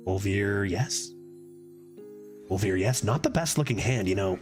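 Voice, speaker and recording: Excitable man talking through a card game. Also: measured pace, faint music behind. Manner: excitable, thinks aloud, sometimes drops to a low put-on voice. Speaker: streamer. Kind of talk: casual gameplay commentary.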